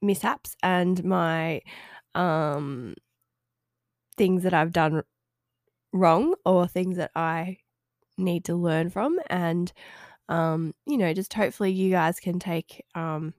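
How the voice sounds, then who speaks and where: A woman's voice: lowish voice, slow, long pauses, a little mellow, no room sound, studio quality. A woman hosting a casual solo podcast, speaking in a nasal voice with a stuffy head cold, hesitant and rambling but friendly. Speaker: podcast host and health coach.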